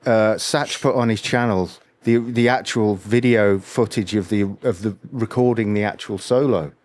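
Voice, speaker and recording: A middle-aged man with a low voice, co-hosting a casual podcast. He talks in a laid-back way, swears offhandedly and chimes in with brief agreement. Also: fairly even intonation, normal speed, a little mellow. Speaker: podcast co-host. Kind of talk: casual chat about guitarists.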